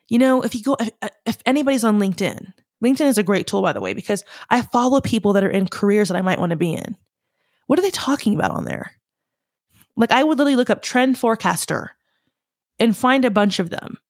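A woman's voice: medium pitch, dry recording, studio quality. A young woman hosting a podcast, talking casually and emphatically, correcting herself as she goes. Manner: chatty, self-correcting, emphatic advice. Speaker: podcast host. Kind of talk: casual solo talk.

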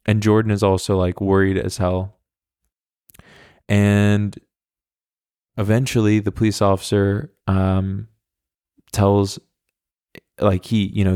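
On this podcast, a man in his twenties delivers a casual storytelling monologue, rambling through a long tale with wry humor and frequent swearing. His voice is on the low side and a little mellow, with clean studio sound and no echo.

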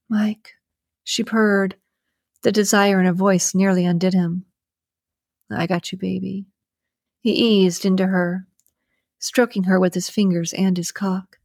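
Female audiobook narrator, mid-range voice, steady scripted romance read, dry booth sound. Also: medium pitch, no echo.

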